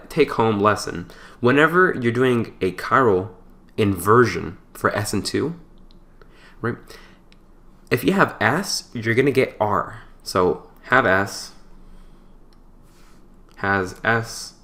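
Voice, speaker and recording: A man with a somewhat low voice walks through a chemistry problem like a tutor at a whiteboard. He keeps it loose and conversational, tossing in jokey asides and correcting himself along the way. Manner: relaxed and chatty, with playful asides and small stumbles. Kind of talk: casual whiteboard lecture.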